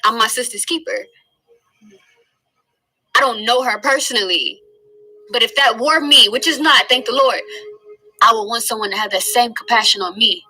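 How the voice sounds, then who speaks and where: A woman teaching from the Bible in a casual, earnest way, slowly stressing key phrases. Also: a little high, bright, forceful tone, husky, poor audio. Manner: earnest, conversational, drawn-out emphasis on key phrases.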